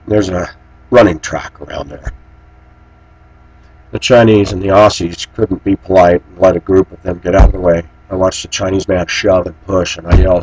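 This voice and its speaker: A man's voice: low-pitched, a little mellow, husky, rough recording. A middle-aged man talking straight to camera, telling a story and preaching with indignation. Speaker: vlogger. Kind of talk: personal commentary monologue.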